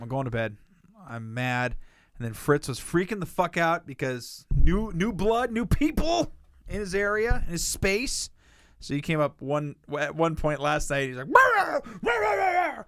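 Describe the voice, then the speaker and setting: A man's voice: on the high side, sing-song, normal speed, clean tone, no room sound, clean studio sound. A man co-hosting a casual podcast, telling rambling, profane stories and acting out what people said. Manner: rambling profane storyteller who acts out quotes. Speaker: podcast co-host.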